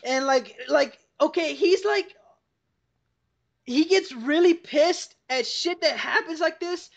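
Speaking slowly in a high voice, a young female podcast host tells a rambling, foul-mouthed story and laughs along. It's casual storytelling over a call, captured on a computer mic with dull, lo-fi sound.

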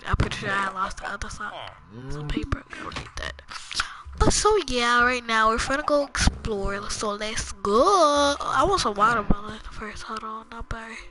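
A young woman giving rambling, casual commentary to viewers while playing a game, often dropping to murmurs. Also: fairly high pitch. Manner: chatty, rambling, talks to viewers as "y'all". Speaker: gaming channel host. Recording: music playing behind voice.

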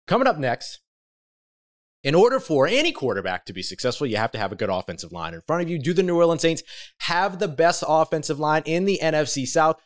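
Man, sports podcast host, emphatic, energetic, conversational, mid-pitched voice. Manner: energetic and emphatic, with big swings in pitch and loudness; conversational, with fillers and self-corrections. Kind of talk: solo sports talk podcast.

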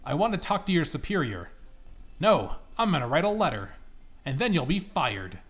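A man's voice: a little high, big pitch swings, moderate pace, fairly bright tone, dull audio, faint music behind, voice pushed up. A man voicing an angry old woman in a video game who rants and accuses everyone. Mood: indignant. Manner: indignant ranting.

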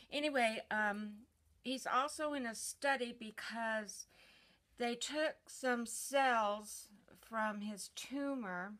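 A woman giving a casual personal vlog update to camera from home, chatty, with many ums and pauses. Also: fairly high pitch, fairly bright tone. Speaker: vlogger.

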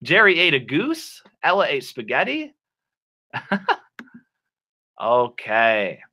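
A man teaching children English online, reading a storybook and acting out words in a slow, clear, animated way. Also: mid-range voice. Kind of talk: playful ESL lesson for children.

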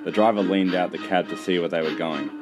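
A man narrating a children's railway storybook in a steady reading voice. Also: low-pitched, fast talker. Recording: music behind, poor mic.

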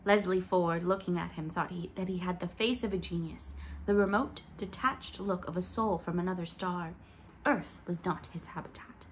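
A woman narrates a classic novel in an unhurried, gentle way. Her voice sits on the low side, and a faint hiss runs under the recording. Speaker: audiobook reader. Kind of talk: storybook narration.

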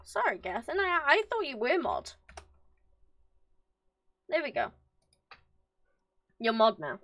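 A woman streaming a game live, excitable and swearing, talking to the game characters and to her chat. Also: high voice, slow pace, pauses often. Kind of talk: live gameplay commentary.

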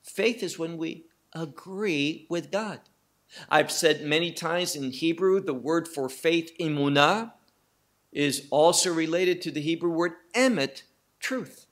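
A man teaching verse by verse through a Bible passage, slow and emphatic, asking and answering his own questions. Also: on the high side.

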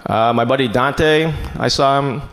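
A man doing a stand-up comedy set in a small club, deadpan and self-mocking, shouting out his punchlines now and then. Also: medium pitch, unhurried. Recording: noisy comedy club ambience.

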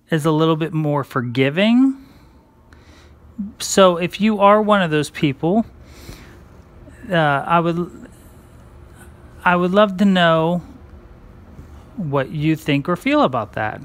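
Slow, rambling cross-stitch vlogger. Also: mid-range voice. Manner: rambling, chatty. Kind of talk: casual chat while stitching.

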